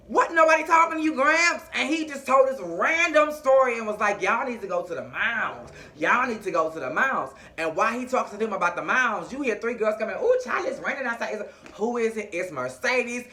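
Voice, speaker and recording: A man with a high voice recaps a TV episode for his vlog. He talks in a sassy, chatty way and keeps drifting into playful asides. His tone is bright and sharp. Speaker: TV recap vlogger.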